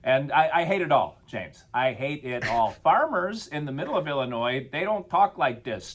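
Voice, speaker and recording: A man's voice: fairly high pitch, very animated, moderate pace, hardly any pauses. A middle-aged man from Wisconsin, co-hosting a casual podcast and ranting in mock-grumpy, exaggerated fashion. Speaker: podcast co-host. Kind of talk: casual comedic podcast chat.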